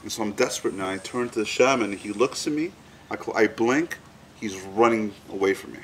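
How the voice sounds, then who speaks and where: Frank, low-voiced man telling a story. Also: fairly quick, a little hiss or hum. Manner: frank, swears freely, vivid retelling. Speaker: interviewee. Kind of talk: candid storytelling in an interview.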